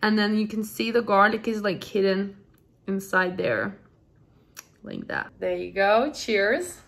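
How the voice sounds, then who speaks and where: A young woman chatting casually in a home kitchen while showing a recipe, excitable and laughing often. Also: medium pitch, measured pace, creaky. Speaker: cooking vlogger. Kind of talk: casual cooking demonstration.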